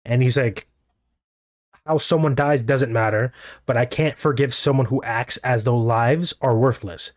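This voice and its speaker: A man giving a rambling, excitable recap of manga chapters, reading out characters' lines in his own voice. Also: mid-range voice, measured pace, no echo, studio quality. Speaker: manga commentator.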